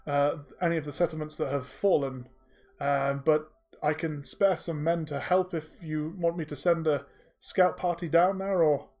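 A man's voice: on the high side, steady tone, normal speed, a little mellow, natural voice. A man playing a courteous, hesitant sheriff in a tabletop game. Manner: polite, hesitant, many fillers. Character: courteous male sheriff, measured and diplomatic.

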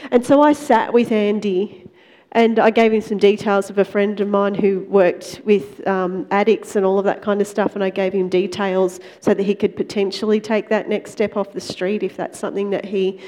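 Woman telling a testimony, mellow tone. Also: mid-range voice, moderate pace. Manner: conversational, animated retelling with quoted dialogue. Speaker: Christian speaker. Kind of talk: testimony storytelling sermon.

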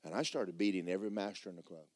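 Low-voiced preacher telling stories. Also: male voice, very fast, no room sound. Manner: storytelling, repetitive and animated. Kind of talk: sermon.

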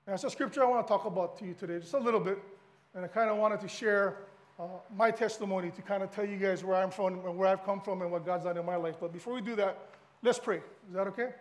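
A man's voice: high-pitched, steady tone, fast. Chatty Hawaiian man preaching. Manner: casual, chatty, speaks to the congregation. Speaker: guest pastor. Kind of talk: sermon.

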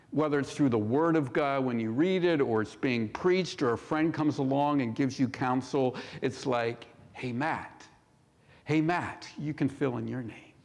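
A male pastor preaching a sermon in a church, measured and full of rhetorical questions. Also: medium pitch, a little mellow. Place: church sanctuary. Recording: long hall reverb.

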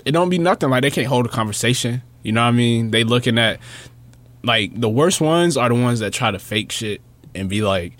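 A man's voice: mid-range voice, lively intonation, a little fast, fairly bright tone, no echo. Laid-back young man, casual podcast banter. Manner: loose, laid-back slang with frequent profanity. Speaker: podcast co-host.

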